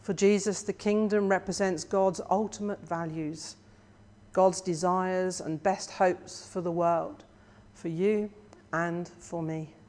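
A preacher giving a sermon at an unhurried, deliberate pace. The delivery is measured and reflective, and keeps turning questions back on the listeners. The pitch sits in an ordinary middle range. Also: fairly even intonation, darkish tone.

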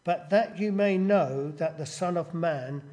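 A man reading a Bible passage aloud in church, deliberate and steady. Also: fairly high pitch. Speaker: scripture reader.

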